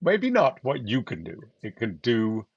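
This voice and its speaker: A man hosting an interview, asking questions in measured, brief prompts. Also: mid-range voice, huge pitch swings, creaky, slightly rough, no room sound. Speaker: interview host. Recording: dry, dull lo-fi mic.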